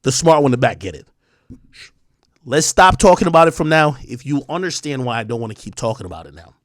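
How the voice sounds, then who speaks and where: A man's voice: medium pitch, lively intonation, fast, no echo, studio quality. Emphatic man ranting on a livestream. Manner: emphatic, repetitive, defiant, with profanity. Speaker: streamer host. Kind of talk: livestream monologue to chat.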